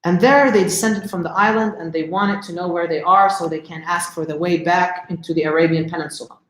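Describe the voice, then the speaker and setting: Speaking a little fast in a high, steady, slightly bright voice, a man relates a religious story on a casual livestream. His delivery is conversational and full of questions for the audience, and the sound echoes around the room.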